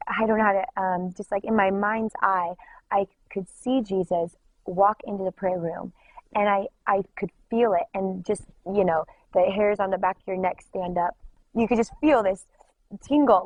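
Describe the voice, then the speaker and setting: A woman's voice: mid-range voice, no echo, low-quality recording. A young woman giving an emotional personal testimony, talking earnestly and filling her story with "like". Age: young adult. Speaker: worship leader giving a testimony.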